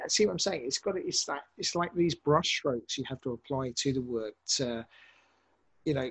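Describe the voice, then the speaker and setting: Man, podcast director, husky voice, lively and rambling in interview chat. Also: fairly high pitch, low-quality recording. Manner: animated, rambling with many restarts. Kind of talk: casual interview talk.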